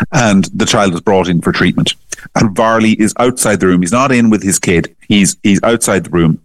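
A man giving forceful opinions as a political commentator in a podcast discussion, often repeating words and restarting phrases. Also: on the low side, no echo. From Ireland.

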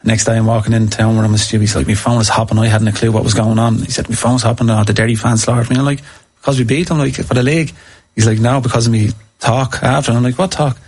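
Man, husky voice, lively anecdotes, casual podcast chat. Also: mid-range voice, fast talker. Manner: animated anecdotes, acts out quotes. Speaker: former footballer, podcast guest.

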